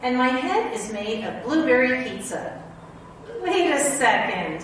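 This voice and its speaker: A woman principal reads a silly book aloud to her students, breaking into playful, exaggerated mock dismay. Her voice sits high and swoops widely, and she takes her time. She is heard from across a strongly echoing room, over a faint hiss. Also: sing-song, measured pace, a bit bright. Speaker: elementary school principal. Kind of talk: reading a children's book aloud. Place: school building. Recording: very echoey room, voice far from mic, faint hiss.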